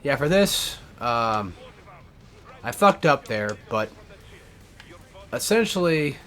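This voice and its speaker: A man's voice: medium pitch, big pitch swings, slow pace, fairly bright tone. A man giving rambling, casual gameplay commentary as a let's player, swearing often and correcting himself as he goes. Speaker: let's play gamer.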